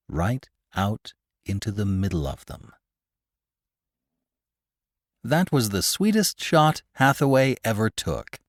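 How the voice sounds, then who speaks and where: A man narrating a short story as the host of a podcast, in an expressive, dramatic reading. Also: lowish voice, dry recording, studio quality.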